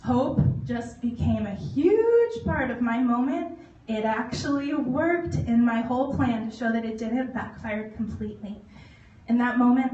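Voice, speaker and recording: A woman in her thirties tells her personal story to a live audience, animated and quick to laugh as she acts out little voices. Her voice sits a bit high. She is heard from a distance in an echoey hall with faint noise underneath. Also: highs cut off. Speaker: motivational speaker. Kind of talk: testimonial talk to an audience. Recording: echoey hall recorded from far off.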